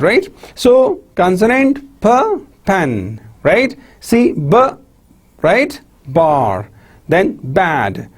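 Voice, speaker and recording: A man's voice: high-pitched, a little mellow, husky. A male lecturer with a Pakistani English accent, drilling example words for students and checking in with "right?" after each set. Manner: addresses listeners as "my dear students". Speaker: university lecturer. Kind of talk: recorded lecture on pronunciation.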